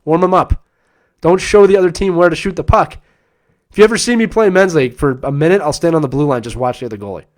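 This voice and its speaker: A man's voice: fairly high pitch, quick pace. A middle-aged man, a former hockey player and coach, hosting a live-stream Q&A in an emphatic coaching tone and often checking in with "right?".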